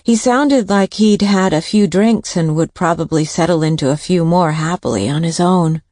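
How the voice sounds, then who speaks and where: A woman's voice: lowish voice, moderate pace, a little mellow, dry recording, clean studio sound, lightly acted. A woman voicing an older retired nurse who talks in a hesitant, confiding way, in an audiobook.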